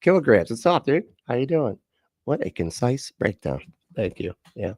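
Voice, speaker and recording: A man's voice: medium pitch, very animated, normal speed, a little mellow, dry recording, clean studio sound. A man hosting a livestream, giving sarcastic, rambling reaction commentary and chatting with his viewers. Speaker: livestream host.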